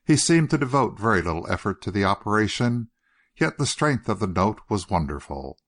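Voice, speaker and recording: A man narrating an audiobook in a measured, expressive manner. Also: lowish voice. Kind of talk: scripted narration.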